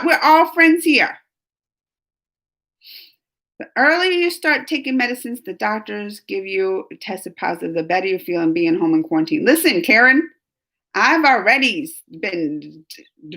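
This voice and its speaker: A woman's voice: mid-range voice, animated, moderate pace, fairly bright tone. A chatty woman, feeling a bit sick and rambling through a casual live chat with viewers, laughing often. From New Orleans, USA. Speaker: livestream host reading chat.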